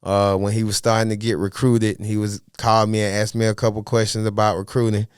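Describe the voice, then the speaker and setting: A man talking as a podcast guest in a casual interview, animated and full of streetwise slang. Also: lowish voice, quick pace, clear, resonant tone, dry recording, studio quality. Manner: animated, streetwise slang, asks "you know what I mean". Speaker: podcast guest, golf caddie.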